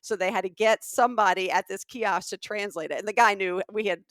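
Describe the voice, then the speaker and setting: A middle-aged woman from the American South, co-hosting a podcast and telling an animated story with lots of acted-out quotes. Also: mid-range voice, brisk, no room sound, clean studio sound. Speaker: podcast co-host. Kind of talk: casual storytelling chat.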